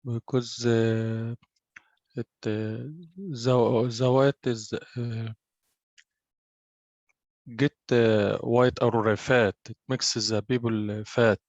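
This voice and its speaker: A man learning English in an online class, halting and searching for words. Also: medium pitch, flat delivery, darkish tone, no echo, lo-fi sound. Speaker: English student.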